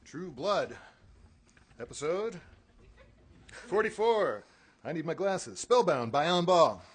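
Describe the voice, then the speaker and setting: A man's voice: a little high, big pitch swings, takes it slowly, husky. A man co-presenting award nominees, joking and hesitating with many fillers, speaking from a little away from the microphone.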